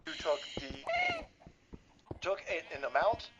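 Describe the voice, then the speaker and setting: A man's voice: fairly high pitch, unhurried. A man hosting a casual podcast chat, ranting and mocking with heavy profanity. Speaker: host. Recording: slightly muffled with faint hiss.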